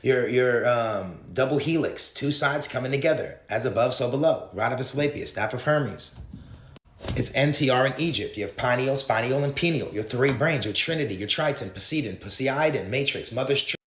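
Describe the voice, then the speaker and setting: A man's voice: medium pitch, normal speed, fairly bright tone. A man in a clip, lecturing earnestly in a rambling stream of word puns. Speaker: conspiracy video speaker. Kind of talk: rambling word-association monologue. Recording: roomy clip played on stream.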